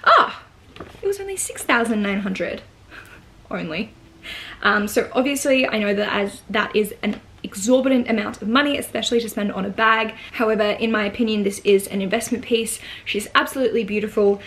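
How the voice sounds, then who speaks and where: A woman with an Australian accent gushes through a casual at-home unboxing vlog, her talk full of "like" and "um." Her voice is mid-range and a bit bright, and she speaks briskly.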